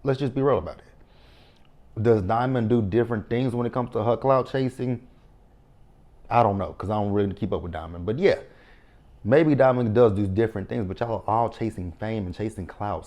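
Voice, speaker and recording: A man hosting a reality show recap in casual talk. His voice sits somewhat low, and he is sassy and blunt, swearing and talking straight back to the cast. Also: moderate pace, darkish tone. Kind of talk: casual commentary vlog.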